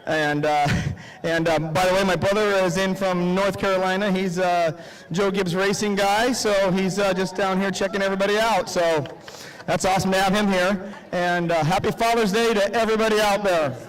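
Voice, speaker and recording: A man's voice: high-pitched, steady tone, moderate pace, low-quality recording. A man being interviewed after winning a race, talking in a rambling, casual way with lots of fillers. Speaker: race winner.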